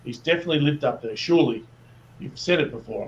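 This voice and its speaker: An Australian man in casual chat, teasing his friends and insisting he is right. His voice sits a bit high for a man. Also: fast talker, dull audio.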